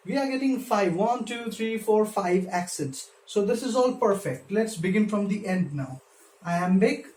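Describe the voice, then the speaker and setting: A literature lecturer giving a slow, explanatory video lesson, counting syllables and stresses aloud, with frequent hesitations. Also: mid-range voice, darkish tone. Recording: roomy echo.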